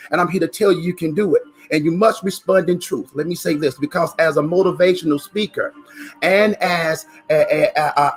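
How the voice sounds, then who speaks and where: A man giving an emphatic motivational talk, repeating phrases and sometimes rising to a shout. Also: high-pitched. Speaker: motivational speaker.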